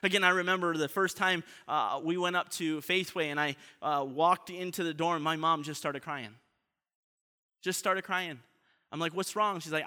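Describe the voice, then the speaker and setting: A man preaching a sermon in an earnest way, often letting his voice drop soft at the ends of points. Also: fairly high pitch, steady tone, moderate pace, clear, resonant tone. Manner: earnest, often trailing off softly. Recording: long reverb of a large hall.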